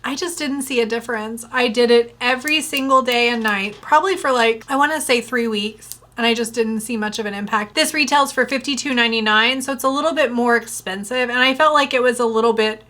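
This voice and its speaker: Bright, chatty woman beauty vlogger. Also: a little high, brisk, few pauses. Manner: chatty, animated, lots of fillers and retold quotes. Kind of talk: casual storytelling review.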